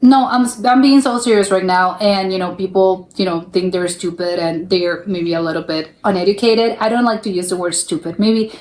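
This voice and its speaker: Female reaction host, casual and rambling, mid pitch, echoey room. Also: steady tone, normal speed, few pauses, darkish tone. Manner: rambling, hesitant, nervous laughs. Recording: roomy echo.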